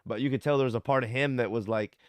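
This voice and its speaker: A man's voice: mid-range voice, fairly even intonation, quick pace, no room sound. Laid-back rambling young man. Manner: laid-back, rambling, swears often, says "like" a lot. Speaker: podcast co-host. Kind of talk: casual chat.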